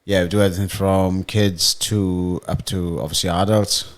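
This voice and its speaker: A man's voice: sits low, level tone, moderate pace. A young Welshman co-hosting a podcast, chatting casually with plenty of swearing and easy banter. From Wales. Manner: swears a lot, laid-back banter. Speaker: podcast co-host, fighter. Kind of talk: casual chat.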